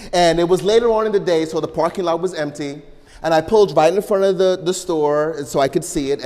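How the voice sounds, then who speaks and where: A man delivers a sermon with a somewhat high voice, weaving stories into lively, emphatic appeals. The sound carries a long reverb, as if the room is large and open. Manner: storytelling, animated, rising to emphatic exhortation. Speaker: minister.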